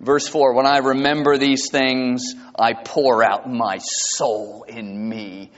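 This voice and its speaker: A male pastor preaching a sermon, emphatic, asking his congregation rhetorical questions and reading scripture slowly. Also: mid-range voice, little pitch movement. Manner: reads scripture slowly and deliberately. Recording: dull lo-fi recording with long hall reverb.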